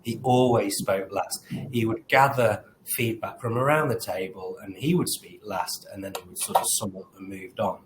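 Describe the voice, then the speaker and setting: Low-voiced man telling a workplace story. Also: normal speed, few pauses, noisy background. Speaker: panel guest, railway executive. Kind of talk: panel discussion.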